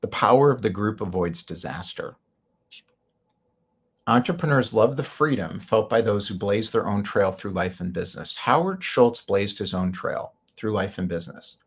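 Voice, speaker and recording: A man's voice: fairly low pitch, moderate pace, husky. A man hosting a show, talking in a rambling, opinionated way and laughing often. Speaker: host. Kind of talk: casual monologue.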